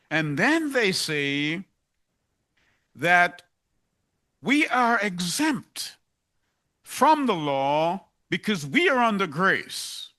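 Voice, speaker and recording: A man's voice: high voice, sharp tone. A man preaching a sermon, emphatic and driving points home by repeating them.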